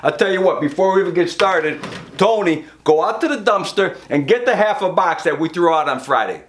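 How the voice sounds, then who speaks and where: A man's voice: high voice, animated, brisk. A brash, profane man, performing a comic monologue as a construction boss scolding his crew. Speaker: comedian playing a construction boss.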